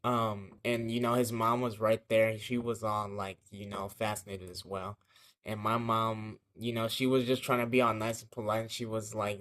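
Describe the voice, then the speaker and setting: A man's voice: lowish voice, steady tone, moderate pace, fairly bright tone. A young man telling a childhood story in a casual vlog, rambling and slangy, with lots of fillers and swearing.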